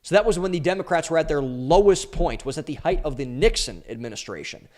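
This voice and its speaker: A man's voice: on the high side, expressive, fast, darkish tone. A young man giving a solo commentary monologue as host of his podcast, speaking emphatically, drawing out stressed words with an opinionated energy. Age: young adult.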